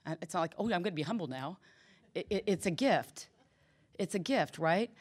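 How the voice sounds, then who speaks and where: A middle-aged woman giving a candid personal testimony at a recovery meeting, telling stories and acting out the quoted dialogue. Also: fairly low pitch.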